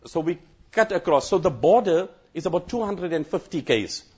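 Earnest male cleric, high-pitched voice, dull lo-fi sound, recounting an emotional scene. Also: animated, normal speed, darkish tone, slightly rough. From South Africa. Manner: earnest, repeats phrases, breaks into chanted Quran recitation. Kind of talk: emotional first-hand recounting talk.

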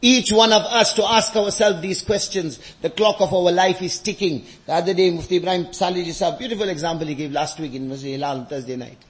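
High-voiced man preaching with passion. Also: fairly even intonation, fast, hardly any pauses. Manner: impassioned, building to emotional peaks; mixes Arabic phrases into English. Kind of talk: sermon.

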